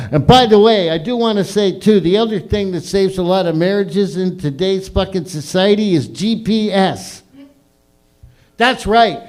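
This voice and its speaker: A man's voice: high-pitched, darkish tone. A middle-aged man hosting an open mic, telling crude, profanity-laden stories in a rambling stand-up style on a small comedy stage.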